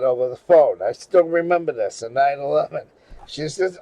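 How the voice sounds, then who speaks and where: Man from New England, slow rambling storyteller, high-pitched, swears and restarts, dry close sound. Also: animated, darkish tone, no echo, low-quality recording. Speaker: channel host. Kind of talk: casual storytelling monologue.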